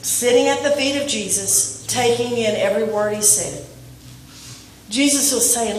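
A woman preaching a sermon to her congregation, animated and asking them questions. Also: fairly high pitch, unhurried, slight background noise. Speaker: pastor. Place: church sanctuary. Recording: echoey room, voice from a distance.

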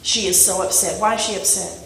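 A woman preaching a sermon to her congregation, animated and asking them questions. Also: mid-range voice, a little fast, gravelly. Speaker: pastor. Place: church sanctuary. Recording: echoey room, voice from a distance.

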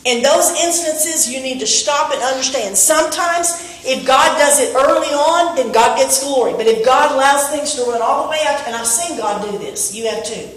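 A woman preaching a sermon in church, telling a story and rising to shouts on key points. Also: high-pitched, normal speed, hardly any pauses. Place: church sanctuary. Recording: echoey room from far off.

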